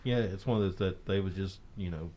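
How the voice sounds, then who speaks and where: A man's voice: sits low, fairly quick, a loud crowd. A man co-hosting a movie podcast who chimes in briefly and teases his co-host. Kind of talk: casual movie review chat.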